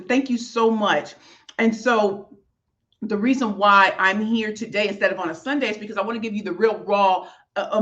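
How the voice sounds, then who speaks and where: A woman speaker and author chats in a heartfelt, rambling live stream, full of fillers and warm thanks to her viewers. She talks from a small office in a hotel suite. The stream audio is dull and lo-fi. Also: mid-range voice.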